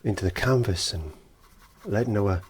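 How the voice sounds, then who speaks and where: Low husky-voiced art teacher. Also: male voice, moderate pace. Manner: gentle, encouraging, drops into whispered asides. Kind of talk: painting tutorial.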